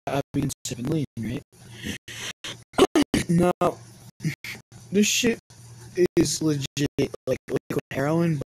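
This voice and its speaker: A man's voice: mid-range voice, noisy background. A young man tells a casual storytime vlog, rambling and swearing with lots of filler words. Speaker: vlogger.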